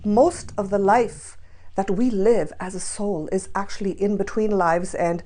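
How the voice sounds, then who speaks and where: Woman, spiritual reader, earnest and soft-spoken storyteller, laughs easily. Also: medium pitch, fairly even intonation, unhurried. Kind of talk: storytime vlog.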